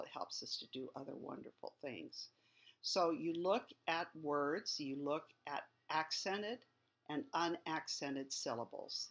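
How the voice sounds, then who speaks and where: A woman teacher giving a lecture on poetry, explaining things patiently and thinking aloud as she goes. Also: low voice.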